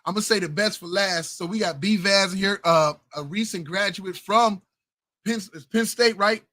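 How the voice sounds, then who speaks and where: A man's voice: sits high, moderate pace, bright, forceful tone, dry recording. A man hosting a casual late-night podcast, laid-back and slangy. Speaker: podcast host. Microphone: home streaming mic, adjusting gain.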